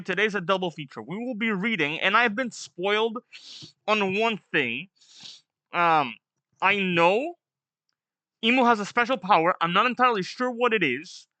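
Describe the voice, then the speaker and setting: A man hosting a casual manga read-along, reading lines aloud and chatting through quick asides. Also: high voice, lively intonation, sharp tone, no echo. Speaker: manga reaction host.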